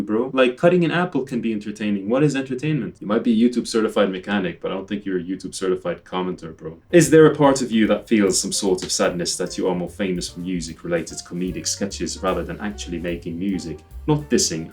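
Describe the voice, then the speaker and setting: A young man answering viewer questions in a casual, joking chat, talking fast and tagging "bro" and "right?" onto his sentences. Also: fairly low pitch. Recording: distant mic with faint music.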